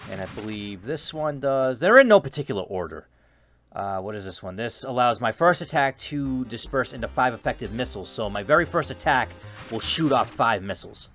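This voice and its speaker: A man rambling through a gameplay commentary, joking and getting excitable with the action. His pitch jumps around in a lively way, and faint game music plays underneath. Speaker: gaming video host.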